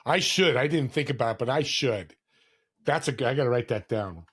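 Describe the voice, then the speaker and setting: With a husky, mid-range voice, lively intonation and moderate pace, a man in his sixties recounts stories as a podcast guest. He is an earnest, warm narrator who voices other people's quotes in a casual interview setting.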